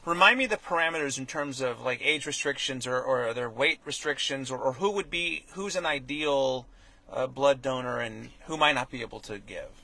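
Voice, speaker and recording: A man's voice: mid-range voice, moderate pace, bright, forceful tone. A man from hosting an interview, chatty and affirming, often repeating words as he starts a thought. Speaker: host. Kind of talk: conversational interview.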